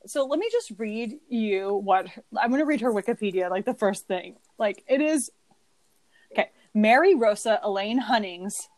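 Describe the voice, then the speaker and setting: A young woman co-hosting a podcast, chatting in a wry, casual way and reading passages aloud quickly. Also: medium pitch, expressive, darkish tone, dry recording. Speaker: podcast co-host. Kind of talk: casual chat.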